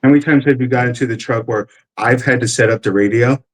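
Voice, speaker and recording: A man's voice: mid-range voice, quick pace, low-quality recording. A man with a New York accent telling profane army stories in casual chat, acting out what others said. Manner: profane, animated, acts out quotes.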